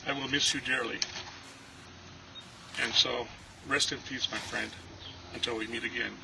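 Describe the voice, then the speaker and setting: A man, a friend and actor, giving a relaxed, heartfelt memorial tribute with many filler pauses. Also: medium pitch, gravelly. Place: outdoors at a ranch. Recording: steady background noise.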